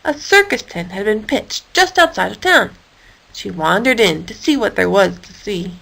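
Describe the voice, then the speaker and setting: A woman reading a children's story aloud in a playful, expressive manner. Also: medium pitch, normal speed, gravelly, poor audio. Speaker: storyteller for a homeschool course. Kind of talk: storybook read-aloud narration.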